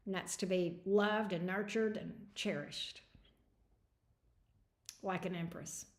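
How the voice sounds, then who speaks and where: A woman's voice: lowish voice, fairly even intonation, takes it slowly, roomy sound. Frank, chatty woman tarot reader. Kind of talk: livestream tarot reading.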